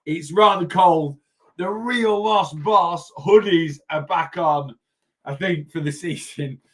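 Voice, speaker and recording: A man's voice: on the high side, takes it slowly, a bit bright. A middle-aged man with a Lancashire accent, hosting a casual weight loss live stream, chatty and rambling with restarts and asides, greeting viewers by name. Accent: Lancashire English. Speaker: weight loss livestream host. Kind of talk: casual livestream chat.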